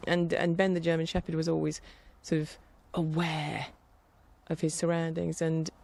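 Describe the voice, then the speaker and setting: A middle-aged woman chatting casually in a rambling, warm-hearted way, with fillers and light laughter. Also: low voice, level tone, moderate pace, gravelly. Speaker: vlogger. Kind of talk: casual chat.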